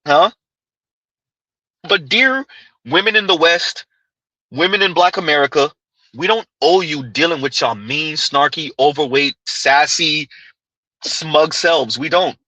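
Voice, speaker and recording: A man's voice: on the high side, unhurried, pauses often, pushed and bright, no room sound, rough recording. A man hosting a live commentary stream, reading comments and ranting emphatically with lots of repetition. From Caribbean descent. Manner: emphatic, repeats phrases, talks to chat directly.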